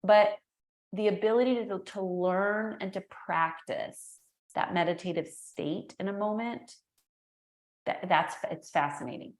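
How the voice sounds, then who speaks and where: A middle-aged woman, a guest entrepreneur and speaker, talking in an energetic, animated way and acting out the voices in her stories. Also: mid-range voice, a little slow. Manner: energetic, animated storyteller who acts out quotes. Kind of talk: casual interview chat. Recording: echoey room.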